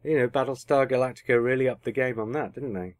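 A man's voice: mid-range voice, fairly even intonation, fast, no room sound. A man co-hosting a podcast, chatting casually and often correcting himself mid-sentence. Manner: chatty, self-correcting, teasing. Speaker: podcast co-host. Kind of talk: casual chat.

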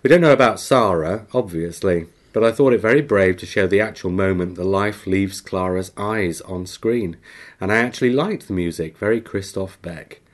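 Low-voiced man reading mail on a podcast. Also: normal speed. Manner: chatty, laughs easily, dry self-mocking asides. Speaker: podcast host. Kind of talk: casual podcast chat, reading a listener email aloud.

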